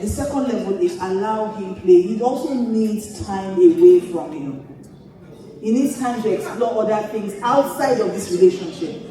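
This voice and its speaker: A woman pastor spins a humorous story for her congregation, laughing as she goes. Her voice rings through a large echoing church hall, picked up from a distance. The crowd's laughter swells behind her. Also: medium pitch. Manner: animated, laughs often mid-sentence. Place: church auditorium. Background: audience laughter.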